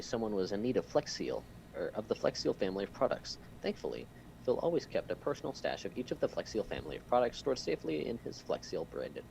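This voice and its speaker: Gravelly man reading a comic story. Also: on the low side, a little mellow, a little hiss or hum, poor audio. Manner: playful, stops to comment and correct himself. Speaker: story reader.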